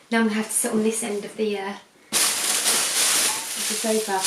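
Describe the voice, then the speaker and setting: Sitting on her sofa late at night beneath a harsh light, a young woman in her twenties rambles through a beauty vlog, digressing constantly. Her mid-range voice is steady and sharp at a normal speed, with long pauses, and the echoey room adds a little hiss or hum.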